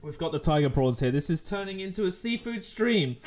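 A man's voice: on the high side, lively intonation, brisk, few pauses, a little mellow. A man chatting casually on a live stream, joking and rambling while he eats at his desk mic. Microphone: desk microphone.

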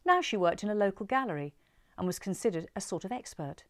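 A woman reading a story aloud in an expressive, measured way. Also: mid-range voice, no echo, clean studio sound.

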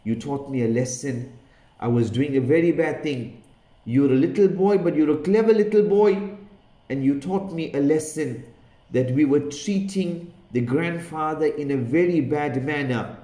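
Man putting on a sharp-tongued young mother. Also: fairly high pitch, normal speed, lightly acted. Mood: remorseful. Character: young mother, scolding then remorseful. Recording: roomy echo.

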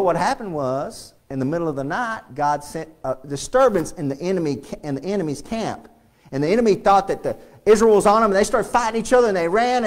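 A pastor preaching a sermon in a church, swinging between loud and hushed delivery and often repeating phrases. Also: male voice, high voice. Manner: repeats phrases and restarts lines. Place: church sanctuary.

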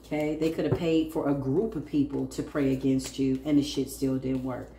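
This tarot reader has a bass voice with a level tone and moderate pace. Sassy and blunt, she laughs while doing a casual reading for viewers and addresses them as "child," recorded in an echoey room with faint background noise.

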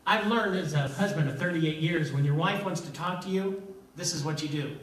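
A man's voice: a little high, a little fast, slight background noise. An older man preaching a sermon as pastor, emphatic and repeating his key lines. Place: church sanctuary. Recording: echoey church from a distance.

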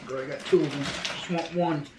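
A man's voice: on the high side, steady tone, moderate pace. A man joining a casual snack tasting, laid-back and wry. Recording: echoey room with background noise.

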